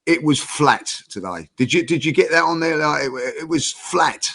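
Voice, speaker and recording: A man's voice: on the high side, animated, normal speed, vocal fry, sharp tone. A man ranting indignantly on a football fan panel, firing off rhetorical questions. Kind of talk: heated panel talk.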